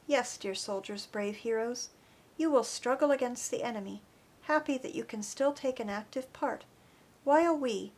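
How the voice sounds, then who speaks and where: A woman reading an audiobook chapter in an earnest, expressive narration. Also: a little high. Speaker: audiobook reader. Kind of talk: scripted narration.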